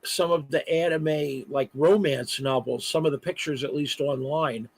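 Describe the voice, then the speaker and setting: A man's voice: a little high, steady tone, a little slow, vocal fry, husky, dry recording, rough recording. A man who works as an artist and voice actor, chatting casually as a guest on a live stream, full of "uh" fillers and restarts. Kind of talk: casual interview chat. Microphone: remote live stream call.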